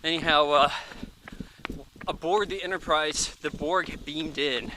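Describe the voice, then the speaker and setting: A man's voice: on the high side, fairly even intonation, measured pace, bright, forceful tone, slight background noise. A man in his thirties giving a casual, rambling movie review, chatty and offhand, thinking aloud with plenty of fillers.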